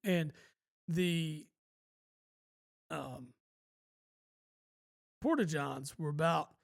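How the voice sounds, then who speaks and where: Podcast co-host, man, slightly higher voice, loose rambling storyteller who swears casually. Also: very slow, vocal fry. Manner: rambling, laid-back, swears freely.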